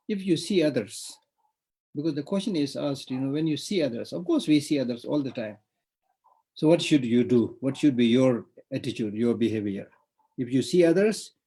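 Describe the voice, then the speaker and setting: A man with a Tibetan accent and a mellow, medium-pitched voice gives a Buddhist teaching online. He speaks discursively, repeating words and saying "you know" often, and the recording is rough.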